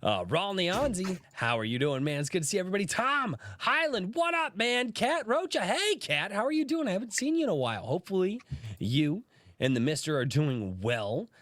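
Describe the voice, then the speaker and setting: A man's voice: high voice, big pitch swings, normal speed, fairly bright tone, no echo, studio quality. A man hosting a casual livestream podcast, sick with a sore throat and cough, greeting viewers by name and laughing through his coughing. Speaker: podcast host.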